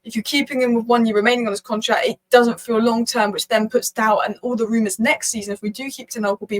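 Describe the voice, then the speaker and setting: A woman with a somewhat high voice talks to camera about football at a brisk clip. She sounds opinionated and reasons out loud, stacking one point on the next with barely a pause. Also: fairly even intonation, poor audio. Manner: rapid, opinionated, thinking aloud. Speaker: football channel host. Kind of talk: casual talking-head commentary.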